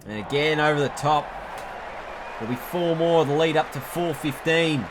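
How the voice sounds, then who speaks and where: A man doing play-by-play commentary on a cricket video game, chatty and excitable, jumping up at big moments and correcting himself as he goes. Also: a little high, moderate pace, crowd noise, noisy background.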